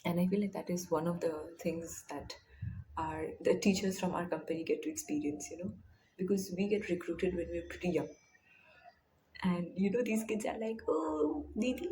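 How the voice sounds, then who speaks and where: A young woman with an Indian accent, a teacher, chatting casually in a vlog, animated with soft whispered asides. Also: lowish voice, normal speed, slight background noise. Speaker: vlogger. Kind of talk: casual chat.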